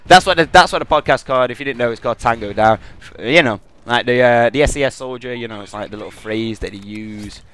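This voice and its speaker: Fast-talking and fairly bright in a mid-range voice, a young man hosting a gaming podcast rambles and trash-talks while he plays. Gunfire from the game sounds in the background.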